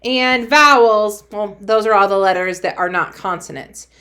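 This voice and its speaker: A woman's voice: medium pitch, fairly bright tone. A woman teacher giving a cheerful phonics lesson to young children, sounding out letters and praising them.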